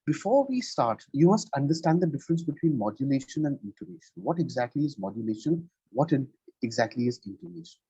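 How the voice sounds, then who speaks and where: Male english tutor, patient explaining, keeps asking right?, mellow husky voice, muffled dry call audio. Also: medium pitch, very animated, fast, no room sound. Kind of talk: conversational one-on-one lesson.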